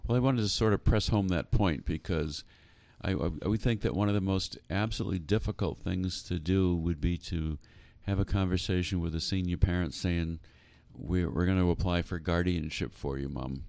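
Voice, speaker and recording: A man's voice: sits low, normal speed, gravelly, hardly any pauses, a little mellow, no echo. A man hosting a talk show interview, asking earnest questions with frequent hesitations. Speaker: host.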